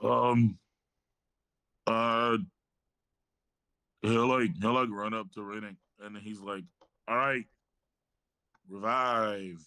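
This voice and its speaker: A man's voice: lowish voice, level tone, slow, long pauses, pushed and bright, smooth, no room sound. A man playing in a tabletop game, talking hesitantly with self-mocking asides. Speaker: player.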